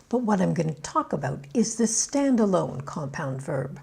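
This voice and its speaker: A woman with a Canadian accent giving a scripted pronunciation lesson, patient and clearly enunciated. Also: fairly low pitch, very animated, moderate pace, few pauses, darkish tone. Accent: Canadian English. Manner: patient, clearly enunciated teaching with drilled examples. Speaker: pronunciation coach.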